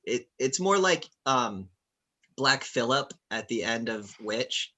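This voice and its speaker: A man's voice: medium pitch, animated, slow, bright, forceful tone. A man running a tabletop game as game master, narrating casually with fillers. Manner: casual, rambling with fillers and laughs.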